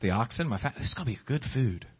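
Pleading preacher, dull lo-fi recording. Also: male voice, animated, quick pace, slightly rough. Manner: swings between high pleading exclamations and low hushed asides. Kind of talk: sermon.

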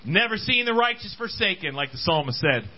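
Man, preacher, high voice, lively animated delivery, dull lo-fi recording. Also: brisk. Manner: animated preaching, calls out to congregation. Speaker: pastor. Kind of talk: sermon. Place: church service.

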